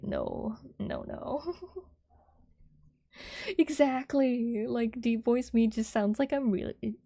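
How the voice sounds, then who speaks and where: A young woman livestreamer chatting casually with viewers in a soft, airy, giggly way, rambling with lots of fillers. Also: a little high, slow, vocal fry, pauses often, dry recording, clean studio sound.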